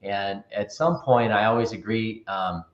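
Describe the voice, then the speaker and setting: A man's voice: on the low side, steady tone, measured pace. A man who is a guest on an interview show, giving upbeat, folksy advice over a remote call. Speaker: credit repair business owner, interview guest. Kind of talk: casual interview talk. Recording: dull, echoey remote audio.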